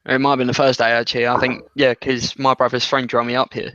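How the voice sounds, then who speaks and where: A man's voice: mid-range voice, level tone, fast, bright, forceful tone, clean tone, no room sound, muffled recording. A young English man co-hosting a podcast, chatting casually and rambling, swearing and laughing often. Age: young adult. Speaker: podcast co-host. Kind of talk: casual chat.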